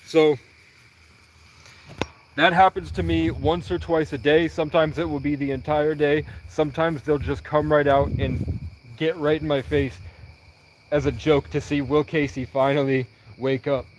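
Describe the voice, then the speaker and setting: A man's voice: fairly high pitch, slight background noise. A young man on a livestream, telling a long rambling personal story and acting out the dialogue. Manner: animated, quoting others in quick dialogue.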